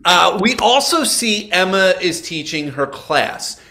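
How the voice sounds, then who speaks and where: A man's voice: high-pitched, expressive, slow pace, bright, forceful tone. A man co-hosting a casual film review chat, joking while he recaps the plot. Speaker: podcast co-host.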